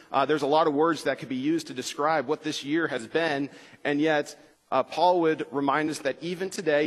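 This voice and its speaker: Male pastor, relaxed Bible-class teacher, slightly high-pitched, recorded with a long gym echo. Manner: relaxed, frequent uh fillers, slows for scripture reading. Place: school gym with bleachers.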